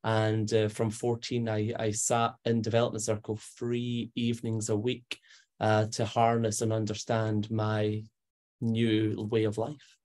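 A man's voice: fairly low pitch, measured pace. Scottish man telling stories animatedly. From Scotland. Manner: animated, acts out quoted voices, frequent fillers. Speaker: medium, interview guest. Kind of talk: conversational storytelling.

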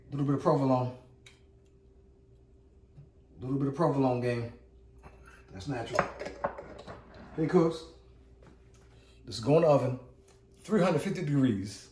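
A man's voice: mid-range voice, moderate pace, pauses often, dark tone, echoey room, distant mic, slight background noise. A man hosting a casual cooking demo, hyped and repetitive, calling out to his viewers as he works. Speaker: cooking channel host. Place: home kitchen.

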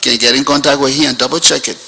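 An older man, telling a history story with animated swings in pitch and pace and frequent restarts. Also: very fast, gravelly, husky, low-quality recording. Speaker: reverend recounting history.

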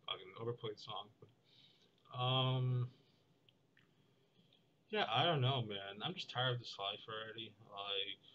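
A young man rambles to the camera in a deadpan vlog, circling back with filler words and restarts. His voice sounds bright, and the recording is a bit muffled, with a faint hiss behind him. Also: medium pitch. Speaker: vlogger. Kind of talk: rambling monologue.

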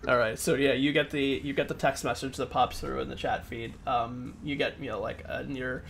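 A man's voice: mid-range voice, fairly even intonation, normal speed, vocal fry, a bit bright, a little hiss or hum. A man running a tabletop role-playing game as game master, describing scenes in a rambling way with many fillers. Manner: rambling, many ums and likes.

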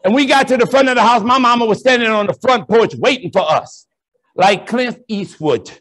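A high-pitched man, a priest telling stories from the stage. He swings between bright, punchy lines and low, slow punchlines, acting out every quoted voice. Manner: animated, preacherly storytelling with acted-out quotes. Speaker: priest and keynote speaker. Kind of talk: storytelling conference keynote. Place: large conference ballroom.

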